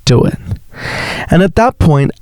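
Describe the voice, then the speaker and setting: A young man, hosting a podcast and telling a story in a chatty, dramatic way, sometimes jumping into high sing-song exclamations. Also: very animated, measured pace, a little mellow, no echo. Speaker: podcast host. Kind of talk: casual storytelling monologue.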